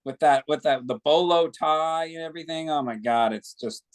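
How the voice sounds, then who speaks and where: A man's voice: on the high side, normal speed, clean tone. A man, a guest actor, chatting casually in an interview and telling long anecdotes.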